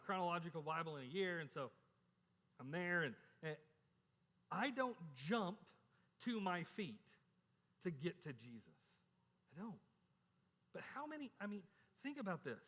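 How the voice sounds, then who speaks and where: A man's voice: sits high, a bit bright. A middle-aged male pastor preaching a sermon in a candid, conversational way, often repeating words as he starts a sentence. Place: church. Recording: echoey church hall.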